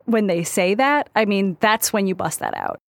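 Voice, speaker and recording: A woman's voice: mid-range voice, expressive, moderate pace, gravelly, no echo. A woman co-hosting a casual advice podcast, thoughtful and complimentary. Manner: warm-hearted, thoughtful, complimentary. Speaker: podcast co-host.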